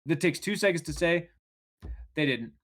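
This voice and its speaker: A man's voice: on the high side, animated, moderate pace, fairly bright tone. A man co-hosting a podcast in casual chat, joking and laughing often. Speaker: podcast co-host.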